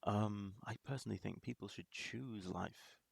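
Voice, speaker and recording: A man's voice: on the low side, moderate pace, gravelly, background noise. A man hosting a reaction video, talking in casual commentary that rambles with restarts and small laughs.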